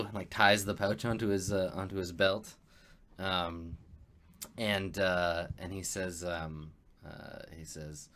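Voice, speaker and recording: A man's voice: deep voice, a little slow, fairly bright tone. A man narrating as game master of a tabletop game, rambling and laughing with many fillers.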